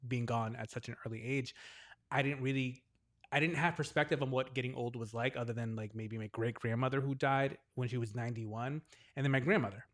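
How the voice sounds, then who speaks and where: A man's voice: mid-range voice, brisk. Chatty man in his forties, storytelling. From New England, US. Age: 40s. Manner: animated storyteller who acts out the voices of others in his stories. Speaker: podcast co-host. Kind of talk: casual chat.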